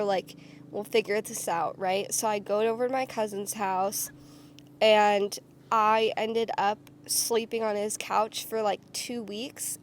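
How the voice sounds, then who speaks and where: A young woman telling her own story to the camera in a casual, candid way, full of "like" and quick restarts. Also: medium pitch, a little hiss or hum. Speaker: vlogger.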